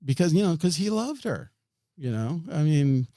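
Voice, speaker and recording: Mellow-voiced man telling a rambling story. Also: fairly high pitch, very animated, moderate pace, no room sound, studio quality. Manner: rambling, frequent restarts and chuckles. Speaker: podcast guest. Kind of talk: storytelling in an interview.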